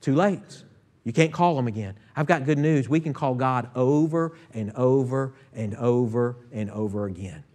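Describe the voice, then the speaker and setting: A man's voice: mid-range voice, normal speed, a little mellow. A man preaching a sermon, reading Scripture and calling out to the congregation. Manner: preaching with call-outs to the church and Scripture readings. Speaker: pastor. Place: church sanctuary.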